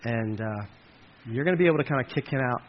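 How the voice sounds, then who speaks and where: A man's voice: mid-range voice, quick pace. A man preaching a sermon in a conversational way, with jokey asides to his listeners. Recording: slightly muffled with faint hiss.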